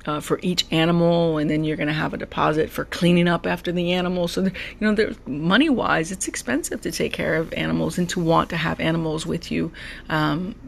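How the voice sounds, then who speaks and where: Podcast host, gravelly, middle pitch, heartfelt, emotional solo monologue, stumbles and repeats words. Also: steady tone, a little fast, slight background noise. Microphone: podcast mic.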